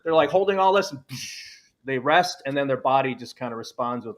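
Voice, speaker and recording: Animated man talking about leadership. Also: mid-range voice, brisk. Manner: animated, acts out quoted self-talk. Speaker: leadership coach and keynote speaker. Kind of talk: casual panel discussion.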